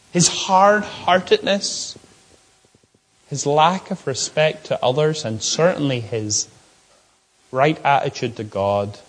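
A man's voice: fairly high pitch, husky. A man preaching an expository sermon, earnest and emphatic, asking his listeners questions.

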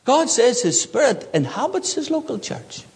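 A man's voice: very high-pitched, big pitch swings, moderate pace, vocal fry, a little mellow, slightly rough, long reverb tail. A man preaching a sermon from the pulpit, earnest, rising in emphasis on key points. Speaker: pastor.

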